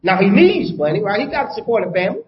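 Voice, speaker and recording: A man preaching a sermon in a folksy call-and-response style, often asking the congregation "you follow me?" and sometimes dropping to a soft, calm tone. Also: high voice, quick pace. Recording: roomy, dull church recording.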